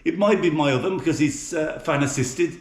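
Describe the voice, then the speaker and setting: A man's voice: fairly high pitch, brisk, roomy sound. A middle-aged man from England with an English accent, chatting casually in a home kitchen with many fillers and restarts. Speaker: cooking vlogger. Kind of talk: casual chatty cooking vlog.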